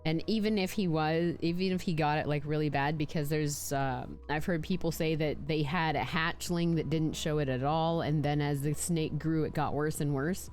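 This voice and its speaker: A chatty woman talking casually on a live stream, her voice sitting on the low side. She rambles with playful restarts. Soft music plays faintly in the background. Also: steady tone, normal speed, hardly any pauses. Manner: chatty, playful, talks with lots of likes and restarts; puts on silly voices for her snake. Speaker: streamer showing her pet snakes.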